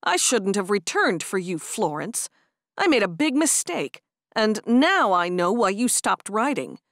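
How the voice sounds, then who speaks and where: A woman's voice: mid-range voice, sing-song, a little slow, a bit bright, no room sound. A woman reading a jilted young man, curt and bitter with jealousy, in a storybook romance. The voice moves freely up and down and sounds close and dry.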